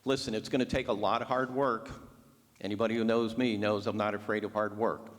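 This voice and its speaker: A man delivering a closing statement as a candidate, in punchy, forceful campaign rhetoric. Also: on the low side, flat delivery, brisk. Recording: long reverb of a hall.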